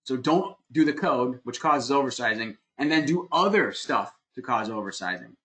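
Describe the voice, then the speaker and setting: Expressive and fairly bright, this medium-pitched man moves at a normal speed through his online lecture on heating and cooling design. Using a computer mic, he's plainspoken and emphatic, building the explanation step by step with some fillers.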